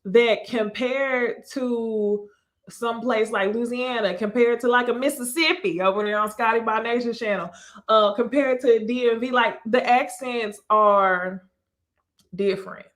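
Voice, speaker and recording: A woman's voice: a little high, fairly even intonation, a little slow, a bit bright. A woman from Texas with a slight Texas accent, hosting a casual live stream on her channel, chatting to viewers and laughing often. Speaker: YouTube host.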